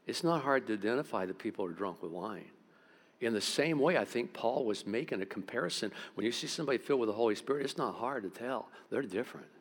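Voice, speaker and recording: A middle-aged pastor, preaching a sermon through stories, swinging between loud outbursts and quiet, intense moments. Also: male voice, mid-range voice. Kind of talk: sermon with storytelling.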